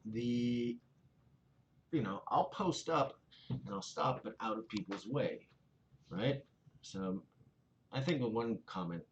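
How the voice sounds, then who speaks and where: A man's voice: mid-range voice, creaky, a little hiss or hum. A man in a casual vlog, reading viewer comments aloud and rambling through his replies with many fillers. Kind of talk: casual chat.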